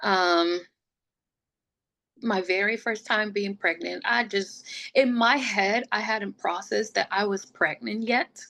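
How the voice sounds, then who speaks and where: A young woman with a gravelly, fry-edged voice talks through her pregnancy as a podcast guest. She is chatty and open, leaning on "like" and laughing easily. Her pitch sits in an ordinary middle range. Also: fairly even intonation, slow, a bit bright. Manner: chatty, fills speech with "like", laughs often; gets emotional and open. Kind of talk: casual personal storytelling.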